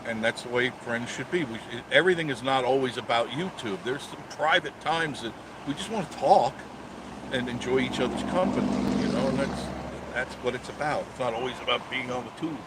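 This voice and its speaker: A man's voice: medium pitch, a little fast, noisy background. A man in his sixties hosting a live stream, chatting casually and joking sarcastically as he reads viewer comments. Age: 60s.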